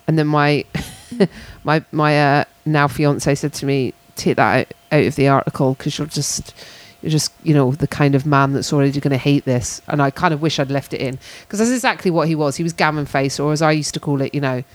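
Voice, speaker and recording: A woman's voice: low-pitched, fairly quick. A woman telling a story in casual chat, acting out the people in it. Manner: animated storyteller, acts out voices. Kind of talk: casual anecdote.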